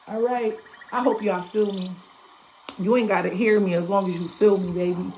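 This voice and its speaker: A woman's voice: mid-range voice, steady tone, normal speed, warm tone, slight background noise. A woman reading tarot for her viewers in a loose, emphatic way, repeating phrases, swearing casually and laughing at her own slips. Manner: sassy, emphatic, repeats phrases, sing-song chanting. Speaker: tarot reader.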